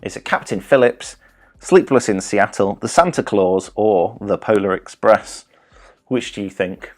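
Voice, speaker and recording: A man's voice: lowish voice, a little slow. A man in his thirties hosting a casual live-streamed quiz, rambling, joking and interrupting himself. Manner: rambling, self-interrupting, jokey. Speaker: quiz host.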